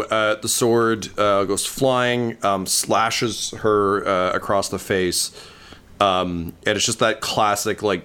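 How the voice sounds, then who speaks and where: A man narrating a tabletop game as game master, relaxed and full of ums. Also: lowish voice, smooth. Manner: relaxed, many ums and uhs.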